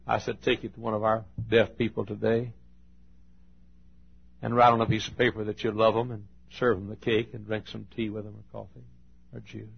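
A man preaching a sermon, telling folksy stories and swinging between loud and hushed delivery. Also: on the low side, flat delivery, normal speed, creaky, husky, lo-fi sound. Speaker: pastor. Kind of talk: sermon storytelling.

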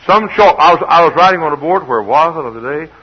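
An older man preaching a sermon, swinging from quiet asides to shouted exhortation, on an old recording. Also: on the high side, animated, fast, husky, highs cut off. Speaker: pastor.

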